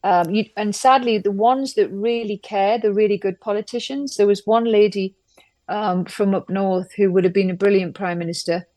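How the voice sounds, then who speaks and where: Brisk, emphatic middle-aged woman. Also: mid-range voice, fairly even intonation, a little mellow, dry recording. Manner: brisk, emphatic storytelling with acted-out quotes. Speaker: interview guest, businesswoman. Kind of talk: candid conversational interview.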